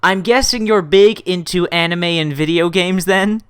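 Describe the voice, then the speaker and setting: A woman hosting a casual interview, enthusiastic and gushing, often stumbling and repeating words when excited. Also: on the low side, normal speed, clear, resonant tone, no room sound. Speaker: show host and interviewer.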